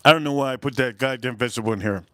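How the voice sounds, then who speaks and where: A man from Miami chats loosely on a live food stream, joking crudely and talking around mouthfuls. His voice sits at an ordinary middle pitch. The sound is dry and close, with no room echo. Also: very fast, fairly bright tone. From Miami, Florida. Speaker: livestream food reviewer. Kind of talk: casual live-stream chat while eating.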